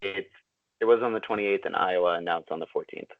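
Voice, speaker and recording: A man's voice: deep voice, fairly quick. A man co-hosting a podcast, explaining things matter-of-factly in casual chat. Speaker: podcast co-host. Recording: tinny phone-like line.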